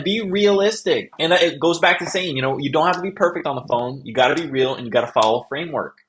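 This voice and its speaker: A man's voice: on the high side, quick pace, few pauses, fairly bright tone. A man speaking in an echoey room. He talks casually on a group call, agreeable and emphatic.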